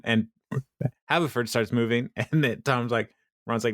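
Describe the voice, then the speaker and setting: A man's voice: mid-range voice, moderate pace, a bit bright, no room sound, studio quality. A man casually recapping a sitcom episode, rambling, laughing often and acting out quotes. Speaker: podcast co-host.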